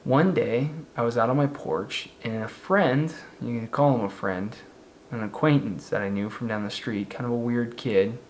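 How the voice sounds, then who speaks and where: Man, storyteller, relaxed conversational narration, mid pitch, acts out voices. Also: moderate pace, slight background noise. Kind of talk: spoken true-story narration.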